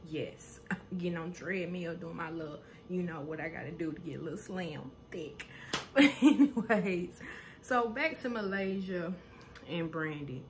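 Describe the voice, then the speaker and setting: A woman's voice: fairly low pitch, measured pace, slight background noise. Chatty woman recapping reality TV gossip. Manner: animated, laughs often, acts out quoted lines.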